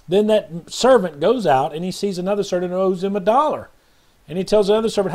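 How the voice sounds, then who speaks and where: Man, preacher, high voice, mellow tone, earnest, rambling sermon. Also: fast talker. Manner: earnest, rambling, preachy, acts out quotes in a parable. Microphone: webcam or phone video.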